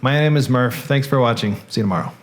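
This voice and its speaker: A male host with a Southern accent, wrapping up his show in a relaxed, joking ramble. He talks at a mid pitch and wanders through his thoughts. It sounds like easy, informal chat. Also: fast talker. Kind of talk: casual show sign-off.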